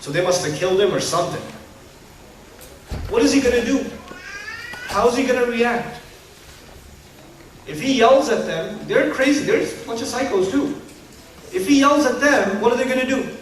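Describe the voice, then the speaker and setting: A man giving an Islamic lecture to a live audience in an animated, humorous way, full of rhetorical questions. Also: very high voice, moderate pace, pauses often, a little hiss or hum. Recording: echoey hall, distant mic.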